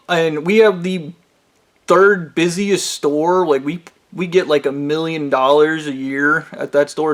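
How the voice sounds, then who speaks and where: High-voiced man telling a crude story. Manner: rambling, crude, mocking. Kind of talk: casual storytime monologue.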